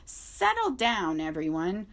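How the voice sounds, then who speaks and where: A woman's voice: medium pitch, huge pitch swings, slow, a bit bright, full character voice. A woman voicing a pompous male owl who announces news to a crowd of animals, reading a children's book aloud. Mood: announcing. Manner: raised, announcing, screeches when alarmed. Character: pompous male owl, alarmed town crier.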